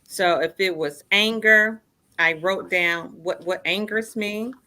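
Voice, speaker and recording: A woman's voice: medium pitch, takes it slowly, pushed and bright. A woman in her fifties telling her own story as a radio show guest, earnest and repeating phrases for emphasis. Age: 50s. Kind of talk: personal storytelling in a radio interview.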